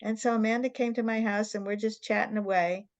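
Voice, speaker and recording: An older woman hosts an interview and tells her story with earnest emphasis. Her voice sits at a middling pitch. The sound is close and dry, as on a video call. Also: steady tone, brisk, dry recording. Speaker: interview host.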